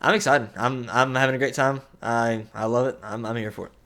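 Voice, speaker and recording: Bright-voiced young podcast co-host. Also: male voice, mid-range voice, steady tone. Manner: halting, many restarts and fillers, laughs easily. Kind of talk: casual chat.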